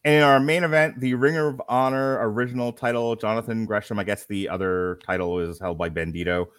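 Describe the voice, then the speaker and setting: A man's voice: fairly low pitch, fairly even intonation, fairly quick, a bit bright, clear, resonant tone, no room sound. A man co-hosting a podcast, chatting casually about wrestling with rambling jokes. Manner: jokey, rambling, laughs at his own lines. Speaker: podcast co-host. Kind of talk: casual wrestling review chat.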